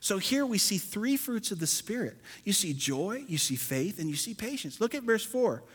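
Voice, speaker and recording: A man preaching a sermon as pastor, animated, swinging between loud and soft and acting out churchgoers. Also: sits high, normal speed, slightly rough. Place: church sanctuary. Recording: long hall reverb.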